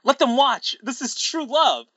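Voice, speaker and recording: A man voicing a young female hedgehog who is dramatic and clingy, in a shrill, whiny voice. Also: big pitch swings, very fast, no room sound, muffled recording, exaggerated voice. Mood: insistent.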